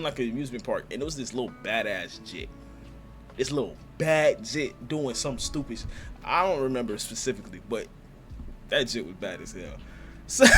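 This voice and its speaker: A man giving casual, slangy reaction commentary on a manga chapter, excitable and quick to laugh. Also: medium pitch.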